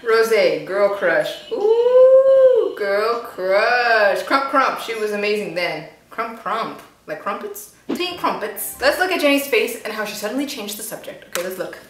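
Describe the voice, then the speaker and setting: A woman hosts a casual reaction video from home, joking and talking back at what she watches. Her medium-pitched voice sits some distance from the mic, in a roomy space with echo and a little music in the background. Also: lively intonation, unhurried, few pauses, a bit bright. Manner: chatty, playful, talks back at the screen.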